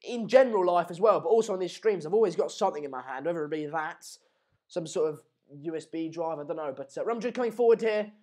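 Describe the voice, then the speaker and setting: A man's voice: on the high side, quick pace, warm tone. A young man hosting a live football match stream, chatting casually and energetically in a rambling, self-mocking way.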